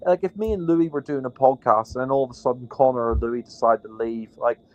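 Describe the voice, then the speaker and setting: A man co-hosts a podcast, rambling indignantly and filling his talk with "like" and "um". His voice is mid-pitched for a man. The sound is dull and muffled. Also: brisk. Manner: indignant, rambling, many fillers like "like" and "um". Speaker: podcast co-host. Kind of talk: heated podcast rant.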